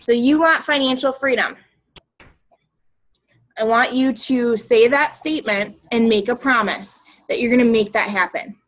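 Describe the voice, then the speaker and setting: A woman's voice: a little high, unhurried, a bit bright, poor audio. A young woman coach talking casually and emotionally, rambling and repeating herself. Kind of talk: casual motivational talk.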